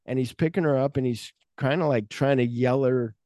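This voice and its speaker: A man hosting a movie podcast, talking casually and jumping into quick impressions of characters as he retells the plot. His voice rises and falls a lot, and the sound is close and dry, with no room echo. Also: mid-range voice. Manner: animated retelling, acts out characters' lines; profane, uses fillers like "like". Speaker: podcast host.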